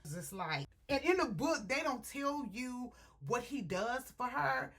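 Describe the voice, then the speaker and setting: A woman giving a casual book review, retelling a scene in an animated way and quoting the characters at length, laughing now and then. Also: high-pitched, measured pace. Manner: laughs often while retelling.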